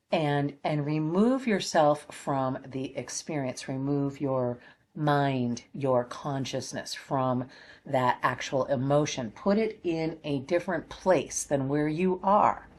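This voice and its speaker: Low-voiced woman giving gentle spiritual guidance. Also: takes it slowly. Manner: encouraging, coaxing, repeats phrases. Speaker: oracle card reader. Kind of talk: spiritual guidance talk to viewers.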